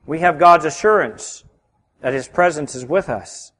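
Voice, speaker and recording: Man, pastor preaching, high voice, emphatic then hushed, long church reverb. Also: a little slow. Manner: emphatic preacher with wide swings between loud and hushed. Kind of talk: sermon. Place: church sanctuary. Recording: reverberant hall.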